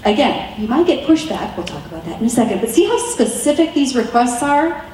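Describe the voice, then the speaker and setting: A woman's voice: a little high, big pitch swings, brisk, warm tone, distant mic, a little hiss or hum. Earnest woman teaching in an echoey room. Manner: earnest and chatty, slips into quoted dialogue. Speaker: speaker teaching wives. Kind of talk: conversational teaching talk. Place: meeting room.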